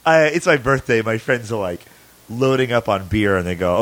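A man's voice: fairly low pitch, lively intonation, normal speed, a bit bright. A man hosting a podcast, telling a long story in loose, casual chat, swearing freely and restarting his sentences. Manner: loose, profane and laughing, with frequent restarts. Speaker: podcast host.

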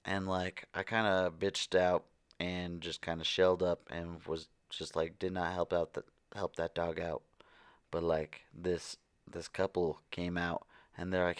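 A man's voice: low-pitched, steady tone, normal speed, a bit bright, smooth, no room sound. A young man co-hosting a podcast, telling a story in a laid-back, slangy way with plenty of swearing. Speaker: podcast co-host.

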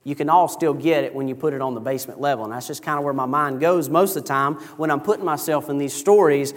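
A man preaching a sermon in a church, retelling a story in a lively, animated way. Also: a little high, in a large hall. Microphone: microphone over PA.

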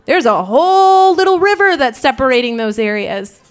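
A woman's voice: sits high, very animated, normal speed. A woman pastor preaching a sermon to her congregation, candid and impassioned, rising into fervent prayer.

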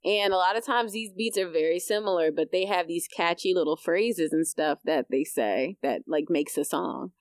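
A woman's voice: lowish voice, normal speed, hardly any pauses, no echo. A woman co-hosting a podcast, talking bluntly and casually and swearing freely. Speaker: podcast co-host. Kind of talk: casual chat.

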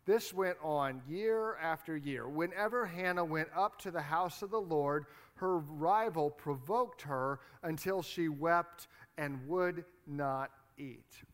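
A man's voice: fairly high pitch, takes it slowly, hardly any pauses, a bit bright. A man with a Midwestern American accent preaching a sermon in a conversational, playful way. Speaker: pastor.

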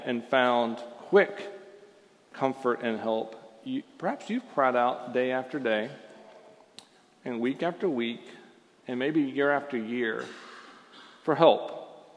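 Conversational male pastor preaching in a hall. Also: mid-range voice. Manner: conversational, with frequent fillers and restarts. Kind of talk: sermon.

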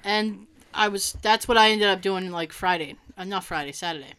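A woman co-hosting a podcast, telling a funny story in animated casual chat and laughing often. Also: mid-range voice, normal speed, clear, resonant tone. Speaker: podcast co-host.

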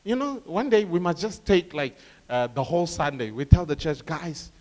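A man preaching a lively sermon, acting out quoted voices and laughing along with his congregation. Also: fairly high pitch, normal speed. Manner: animated, acts out quoted voices, laughs with the crowd.

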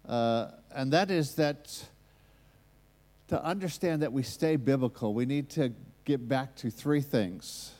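A man's voice: medium pitch, lively intonation, unhurried, mellow. American man preaching in a reverberant hall. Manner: earnest, builds to emphatic preaching. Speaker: guest preacher. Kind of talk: sermon with prayer.

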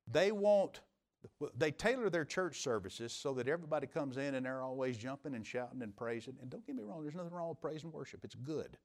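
A middle-aged man preaching as pastor in a church, building to emphatic peaks and dropping to quiet, confiding asides. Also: medium pitch. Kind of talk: sermon. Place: church sanctuary.

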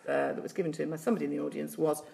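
A woman's voice: deep voice, fairly even intonation, very fast, creaky, mellow. A woman with a Leeds accent chatting on a comedy podcast, rambling and hesitant. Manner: rambling, hesitant, with ums and restarts. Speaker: comedian guest. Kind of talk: casual comedy podcast chat.

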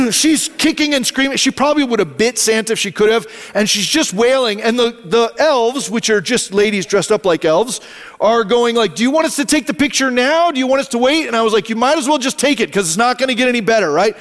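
A man, preaching a sermon in a church and telling a family story in an animated, conversational way. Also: extremely high pitch. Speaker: pastor. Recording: long reverb of a church hall.

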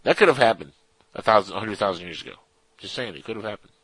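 A man's voice: lowish voice, animated, fast, a bit bright, husky, no room sound, poor audio. A man co-hosting a casual radio talk show, rambling and joking as he reads listener questions.

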